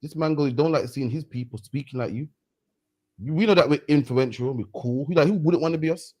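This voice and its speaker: A man's voice: fairly high pitch, fairly quick, mellow. A man hosting a reaction commentary, heated and mocking, ending phrases with "man". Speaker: host. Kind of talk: street preaching reaction commentary.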